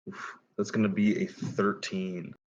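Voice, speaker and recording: A man's voice: low-pitched, little pitch movement, a little slow, a little mellow, lo-fi sound. A man playing a tabletop game, describing his character's moves in a casual, laid-back way. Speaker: player.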